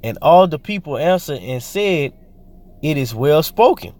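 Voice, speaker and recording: A man with a somewhat high voice preaching informally. He reads scripture aloud, then breaks into slangy, rambling commentary full of fillers and restarts. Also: lively intonation, measured pace, darkish tone.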